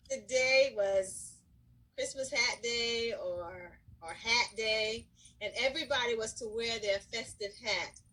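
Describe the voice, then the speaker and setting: Animated woman telling a story, high voice. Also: slow, pauses often, poor audio. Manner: animated, lively storyteller who breaks into excited shouts and acts out quotes. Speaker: school counselor. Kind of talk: casual storytelling to camera.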